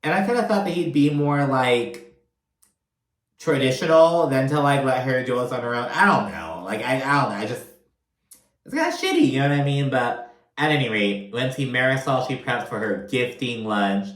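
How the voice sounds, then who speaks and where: A man's voice: medium pitch, animated, moderate pace, a bit bright. A man recapping a reality TV episode in casual, chatty commentary, swearing freely and filling his talk with "like" and "you know". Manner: chatty, profane, filler-heavy. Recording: roomy echo.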